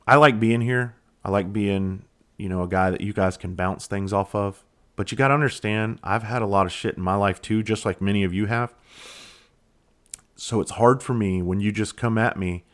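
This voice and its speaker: Deep voiced guy on his podcast, blunt, swears a lot, kinda halting and reflective. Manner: blunt, candid, swears freely. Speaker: podcast host. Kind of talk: casual solo podcast monologue.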